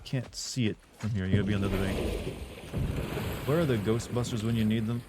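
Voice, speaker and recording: A man's voice: on the low side, fairly quick, background noise. A young man from the American South with a subtle Southern US accent, chatting casually and self-deprecatingly as he streams a game. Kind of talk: casual gameplay commentary.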